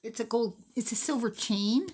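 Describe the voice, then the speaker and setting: Her voice is a little high, slightly mellow, and husky, moving at a moderate pace. This woman in her forties runs a thrift jewelry unboxing channel, casually chatting and poking fun at herself while she sorts and prices finds, sometimes talking to herself.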